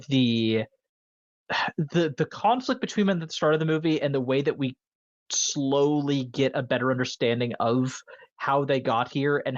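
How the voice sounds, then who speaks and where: A podcast host in loose film talk, eager and rambling, leaning on fillers as the thoughts tumble out. The voice sits at a middling pitch. The recording is dull and lo-fi, with a dry, close sound. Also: no room sound. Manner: enthusiastic, rambling with many fillers. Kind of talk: casual film discussion.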